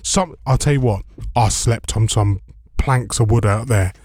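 A man's voice: on the low side, measured pace, a little mellow, no echo, clean studio sound. A man from London with a London accent, hosting casual radio chat and telling stories, acting out other people's voices. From London, England. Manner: chatty storyteller, acts out other people's voices. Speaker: radio host.

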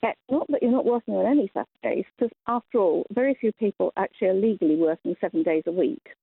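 A woman's voice: mid-range voice, quick pace, creaky, husky, no room sound. A woman calling in to a radio show, speaking forthrightly with some hesitant fillers over a telephone line. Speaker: caller. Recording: tinny phone line.

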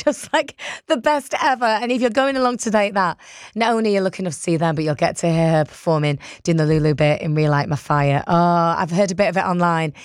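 A woman's voice: on the low side, no room sound, clean studio sound. A woman presenting a radio show, interviewing a guest in a bubbly, effusive way and laughing often.

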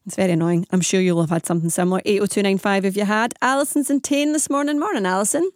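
A woman's voice: lowish voice, fairly even intonation, a little mellow, no room sound, studio quality. A woman presenting a morning radio phone-in, chatty and asking listeners lots of questions. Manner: chatty, asks rapid questions, reads out phone numbers.

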